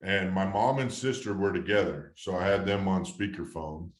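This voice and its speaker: A man's voice: deep voice, steady tone, normal speed, roomy sound. A man in his thirties, a former ballplayer, telling a long story in a casual interview, rambling with fillers and restarts. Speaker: guest, former baseball catcher.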